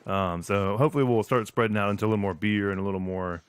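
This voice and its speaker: A man's voice: lowish voice, fast, smooth, no room sound. A man co-hosting a casual podcast, rambling with many fillers and restarts. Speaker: podcast co-host. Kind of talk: casual chat.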